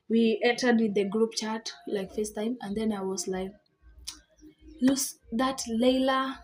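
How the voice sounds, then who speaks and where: With a fairly high female voice and a little hiss or hum, a young girl tells a storytime vlog. She's chatty and indignant as she recounts an argument, leaning heavily on "I was like".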